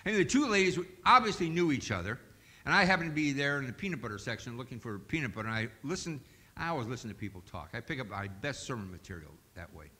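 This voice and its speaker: Guy pastor preaching in church, bright voice, pitch all over the place, cracks jokes. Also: lively intonation, fast talker. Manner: folksy, joking storyteller. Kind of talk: sermon.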